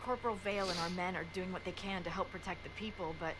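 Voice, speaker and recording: A woman's voice: lowish voice, fast talker, natural voice. An actress playing a female army scout in a video game, delivering war reports in a clipped, urgent way. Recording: game audio with steady background noise.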